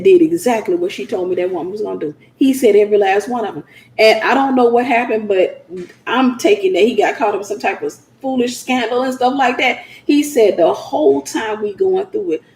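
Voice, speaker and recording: A woman's voice: mid-range voice, reverberant, a little hiss or hum. A woman hosting a Christian teaching talk, speaking informally and acting out the voices of the people she quotes. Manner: animated, acts out quoted voices.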